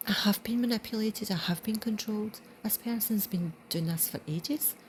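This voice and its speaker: A woman with a Scottish accent giving an earnest spiritual reflection, dropping into soft whispers for emphasis. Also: medium pitch, moderate pace, slight background noise. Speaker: channel host.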